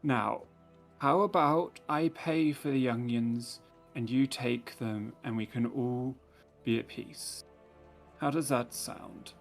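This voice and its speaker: A man voicing a calm old turtle-folk character who speaks in a slow, measured, mediating way, with a gravelly voice. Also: mid-range voice, soft background music.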